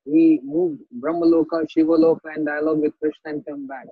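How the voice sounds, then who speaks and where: A man's voice: a little high, sing-song, a little fast, gravelly, breathy edge, no room sound, phone-quality sound. Man giving a scripture talk. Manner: explains verses, repeats phrases, asks listeners "understand?". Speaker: spiritual teacher. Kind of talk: scripture lecture with storytelling.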